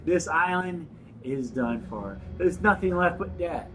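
A man reading a note aloud in a put-on voice, playing a doomed young woman, slow and melodramatic. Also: sits high, lively intonation, fairly bright tone, a little hiss or hum. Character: doomed young woman writing a dying diary.

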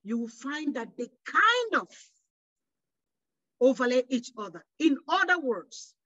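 A high-voiced woman from West Africa argues on a panel with passion, firing off rhetorical questions and restarting her sentences. Her voice comes through a dull, lo-fi, dry recording. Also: big pitch swings, measured pace, fairly bright tone, dry recording. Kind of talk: panel discussion.

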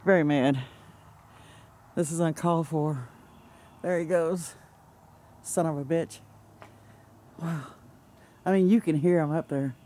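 A man's voice: a little high, fairly even intonation, a little slow, pauses often, warm tone. A man filming outdoors with a handheld camera, talking in an agitated, exasperated way and swearing now and then. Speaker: amateur video maker. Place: outdoors under open sky. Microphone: handheld camera mic.

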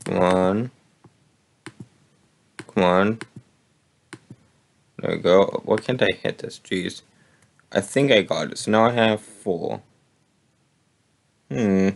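Slow, gravelly-voiced gaming host. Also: male voice, on the low side. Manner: relaxed, thinking aloud while playing. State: slightly hoarse. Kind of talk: casual gameplay commentary.

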